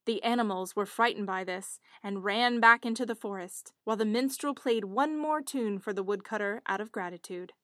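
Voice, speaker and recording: A woman narrating a fairy tale in an expressive storybook style. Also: mid-range voice, normal speed, hardly any pauses, no echo, studio quality.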